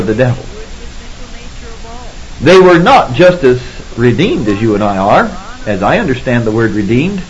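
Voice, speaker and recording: Male Bible lecturer, deliberate and emphatic, slightly high voice, muffled old recording. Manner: measured and deliberate, stressing key words. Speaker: Bible teacher.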